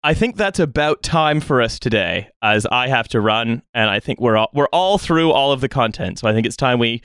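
A man's voice: mid-range voice, expressive, moderate pace, a bit bright, clear, resonant tone, no echo, studio quality. A man hosting a podcast in casual chat, laughing often and swearing freely. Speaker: podcast host.

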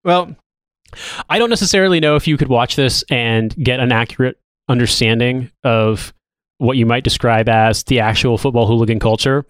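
A man's voice: mid-range voice, normal speed, clean tone, no room sound, clean studio sound. A man in his thirties co-hosting a podcast, chatting loosely with lots of restarts and casual swearing. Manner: rambling, swears freely. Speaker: podcast co-host. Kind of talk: casual chat.

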